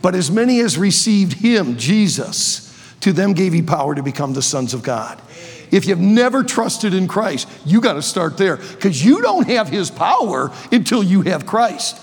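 A man in his sixties preaching an energetic sermon to students in a large auditorium, joking playfully and bursting into shouts. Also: high-pitched, measured pace, slightly rough. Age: 60s. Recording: long reverb of a large hall.

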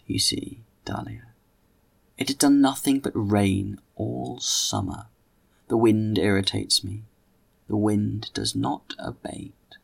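A man voicing a fickle, passionate, gossipy young woman in an audiobook, speaking slowly and drawing out his words. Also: on the low side, vocal fry, full character voice. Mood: glum. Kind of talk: audiobook character reading.

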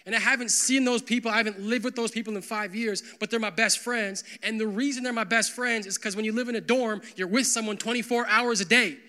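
A young man preaching a sermon as pastor, talking to his congregation in a casual, animated way with lots of filler words. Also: high voice, a little fast, few pauses. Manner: conversational, animated, full of "like" fillers.

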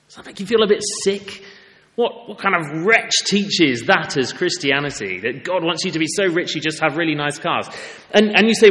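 A man's voice: on the high side, animated, normal speed, sharp tone, big-room sound. A man preaching a sermon in a church, with an earnest, conversational and emphatic way of speaking.

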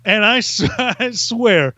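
Comic storyteller, man from Virginia, high voice, laughs a lot, dull dry lo-fi recording. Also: slow, dry recording. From Virginia, USA. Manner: animated, laughs through his stories. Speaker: podcast guest.

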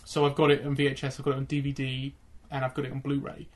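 A man's voice: mid-range voice, completely flat delivery. A man chatting casually, rambling and correcting himself as he goes. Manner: rambling, self-correcting, quick. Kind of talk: casual chat.

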